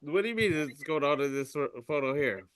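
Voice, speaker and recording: A man's voice: a little high, lively intonation, a little fast, fairly bright tone, clean tone, no echo. A man co-hosting a podcast, reading memes aloud in casual chat, swearing freely and voicing the quotes. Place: studio.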